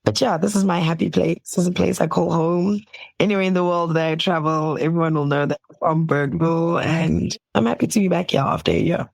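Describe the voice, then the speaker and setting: Woman, young adult, from South Africa, doctor, gravelly fry, dry sound, reflective, laughing. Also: fairly low pitch, brisk, no room sound. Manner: warm, laughs often, animated quoting. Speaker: guest, medical doctor. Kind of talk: reflective interview talk. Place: at home.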